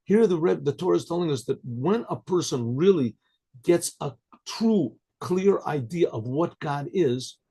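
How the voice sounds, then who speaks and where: An older man, a rabbi, giving a Torah lecture, translating Hebrew phrases into English and pausing often to ask "right?". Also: fairly high pitch, animated, mellow, slightly rough.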